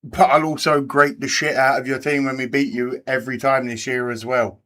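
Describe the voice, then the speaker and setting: A man's voice: mid-range voice, little pitch movement, a little fast, bright, forceful tone, a little hiss or hum. Brief: English male stream host, crude chatty banter with viewers, mid-range voice. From England. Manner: swearing, bantering with chat. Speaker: livestream host. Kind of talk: live race watch-party chat.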